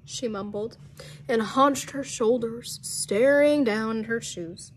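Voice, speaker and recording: A woman's voice: a little high, measured pace, slight background noise. A woman teacher reading a children's novel aloud to her class, playful and laughing at her own slips in casual asides.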